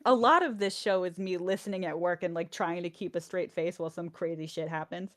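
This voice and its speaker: Lower-pitched woman in chatty recap. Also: brisk. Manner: chatty, animated retelling with many fillers. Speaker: presenter of a podcast recap. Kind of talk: casual chat.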